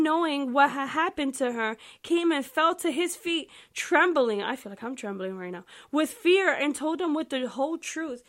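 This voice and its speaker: A young woman hosting a podcast, reading the Bible aloud and commenting on it in a casual, emphatic, chatty way, talking straight to her listeners. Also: sits high. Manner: animated, emphatic and chatty, addressing listeners directly. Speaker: podcast host.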